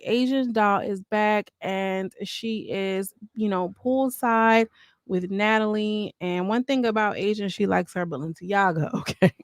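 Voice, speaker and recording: A woman's voice: medium pitch, dry recording, studio quality. A woman hosting a reality TV review channel, chatting casually with lots of slang and sassy asides. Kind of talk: casual commentary.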